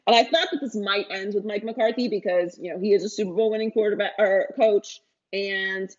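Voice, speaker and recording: A woman co-hosting a sports podcast, talking in a lively, opinionated way. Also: medium pitch, fairly quick, dull audio. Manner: animated, opinionated. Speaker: podcast co-host. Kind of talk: casual sports talk.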